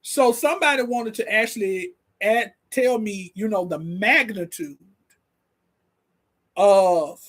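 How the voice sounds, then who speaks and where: A man hosting a casual commentary stream, excitable and laughing, who stumbles, repeats words and keeps talking straight to his audience. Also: high-pitched, takes it slowly. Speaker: host.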